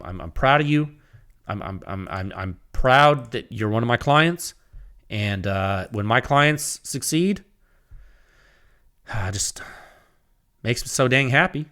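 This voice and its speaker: Man, podcast host, solo talk, excitable, rambling, keeps restarting sentences. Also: medium pitch.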